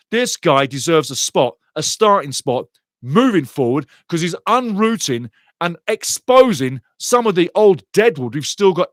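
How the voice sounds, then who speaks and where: Guy reacting live to a shootout, blunt and excitable, fairly high voice, dry close sound. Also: no room sound. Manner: excitable, blunt, swings from laughing to outraged shouting. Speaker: soccer show host. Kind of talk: live watch-along commentary.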